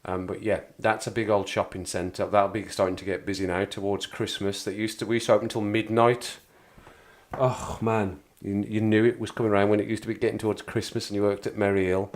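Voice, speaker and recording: A man from the Black Country in England, with a local Black Country English accent, hosts a livestream and chats casually with his live chat, rambling and saying things twice. His voice is on the low side with little pitch movement, and he speaks fairly quickly.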